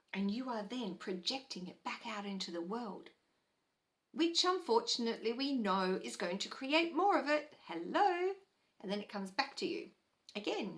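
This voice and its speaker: A woman giving a live spiritual teaching talk in a slow, gentle, soothing way, sighing softly and repeating key phrases for emphasis. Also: mid-range voice.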